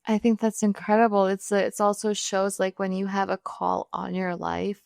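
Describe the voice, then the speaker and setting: A woman hosting a podcast, answering her guest calmly. Her voice has a gravelly edge and stays flat and even. The sound is dry, with little room. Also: mid-range voice, moderate pace, dry recording. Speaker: podcast host.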